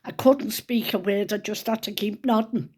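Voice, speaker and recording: An older woman tells a personal family story, close to tears and dropping into hushed whispers. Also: mid-range voice, normal speed, husky. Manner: hushed and tearful at times, drops to whispers. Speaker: grandmother telling a personal story. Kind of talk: emotional spoken storytelling.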